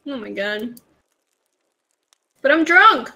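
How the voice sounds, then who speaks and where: Excitable high-voiced woman gamer. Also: slow, creaky. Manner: excitable, exclamatory. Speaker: co-player on a stream. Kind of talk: casual live-stream gameplay chat.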